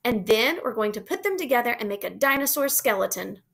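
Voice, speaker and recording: A woman's voice: fairly high pitch, animated, fairly quick, creaky, a bit bright. A woman reading aloud, voicing an eager, insistent young schoolgirl in a storybook. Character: bold excitable young schoolgirl.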